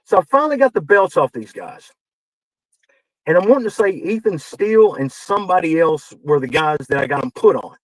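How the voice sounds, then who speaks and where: A man, a wrestling veteran guest on a podcast, telling backstage stories in a casual, animated way, acting out quoted dialogue and swearing as he gets heated. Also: a little high, a little fast, no echo, poor audio. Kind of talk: casual storytelling.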